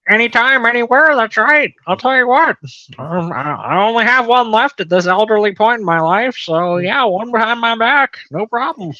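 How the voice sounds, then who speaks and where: A man's voice: expressive, normal speed, sharp tone, dry recording, lo-fi sound, heavily acted. A man doing a comic impression of an elderly creationist preacher, folksy and salesman-like. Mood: boastful. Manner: drawling folksy pitch, hawking lectures.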